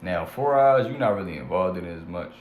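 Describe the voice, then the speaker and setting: Deep-voiced young man with a slangy storytelling style. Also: brisk. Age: young adult. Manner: animated, slangy retelling that acts out both sides of each exchange. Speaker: vlogger telling his own story. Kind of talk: casual storytime rant. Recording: echoey room with faint background hum.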